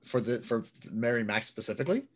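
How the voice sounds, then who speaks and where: A man's voice: mid-range voice, lively intonation, fast talker, breathy edge. A man interviewing a guest, mostly offering brief, encouraging backchannel replies. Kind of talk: casual interview.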